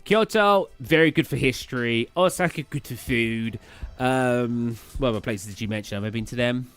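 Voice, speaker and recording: British man, young adult, rambling casual streamer chat, mid-pitched voice, faint music behind. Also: normal speed, a bit bright, smooth. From Britain. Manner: rambling, chatty, stumbles over place names. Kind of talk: casual chat while live gaming.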